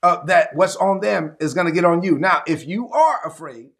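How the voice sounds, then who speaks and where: This man's sermon, streamed live to an online audience, is emphatic, repetitive, and full of calls for responses. He sounds animated, with a high, slightly bright voice at a moderate pace.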